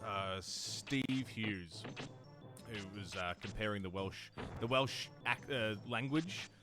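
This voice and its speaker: An Australian man co-hosting a casual let's-play, easygoing, swearing and quick to laugh. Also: on the low side, over music. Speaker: co-host of a gaming channel.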